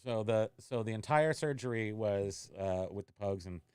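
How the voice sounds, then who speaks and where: A man's voice: fairly low pitch, normal speed, darkish tone, clear, resonant tone, no echo, clean studio sound. A man hosting a casual resale livestream, telling a rambling, self-mocking story while reading chat. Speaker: eBay reseller hosting a livestream.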